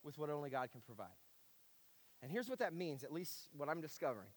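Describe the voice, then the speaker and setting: High-voiced preaching man in a hall. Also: sing-song, fairly quick. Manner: earnest, repetitive, self-deprecating sarcasm. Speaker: pastor. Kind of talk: sermon.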